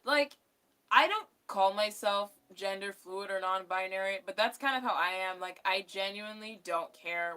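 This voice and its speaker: Bright-voiced young woman chatting casually. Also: medium pitch. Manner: rambling, filler-heavy, laughing often. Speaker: YouTuber reading a book aloud. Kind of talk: casual vlog chat.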